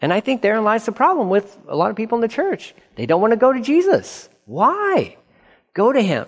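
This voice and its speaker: Middle-aged man, pastor, earnest sermon delivery with repeated phrases, a touch high-pitched, echoing sanctuary. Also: wildly swooping pitch, moderate pace. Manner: earnest, repeats phrases for emphasis, acts out quoted dialogue. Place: church sanctuary. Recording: long reverb of a church hall.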